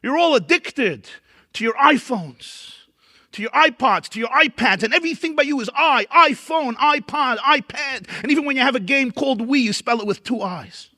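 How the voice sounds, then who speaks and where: A man's voice: extremely high pitch, expressive, normal speed, sharp tone, pitched above the performer's own voice, full character voice. A man voicing an exasperated male history teacher who rants at his students in long lists. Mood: scolding. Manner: ranting, listing insults in bursts.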